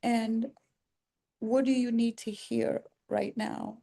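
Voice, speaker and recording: A woman talking to camera in a personal, reflective vlog, earnest and soft-spoken, often pausing and restarting her sentences. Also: a little high, fairly even intonation, creaky. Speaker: vlogger.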